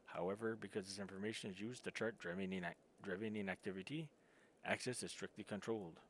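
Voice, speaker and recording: A cautious archivist, voiced by a man, stumbles over his words and repeats himself in a flustered way. The voice is low and plain. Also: fairly even intonation, fast, slight background noise, close to an everyday voice. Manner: flustered, stammering.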